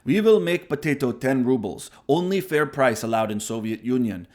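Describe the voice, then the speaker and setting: A man's voice: medium pitch, lively intonation, normal speed, a little mellow, natural voice. A man voicing a stern male Soviet central planner, speaking in clipped broken English with a mock Russian accent. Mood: officious.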